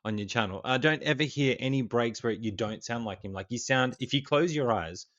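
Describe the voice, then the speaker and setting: Hyped podcast host dude, casual slang, kinda dull lo-fi sound. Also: male voice, mid-range voice, brisk, a bit bright, dry recording.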